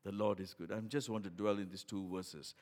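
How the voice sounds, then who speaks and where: A man preaching a sermon as a pastor. He swings from loud emphatic bursts to quiet low asides, often restarting with "in other words". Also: fairly even intonation, a little fast.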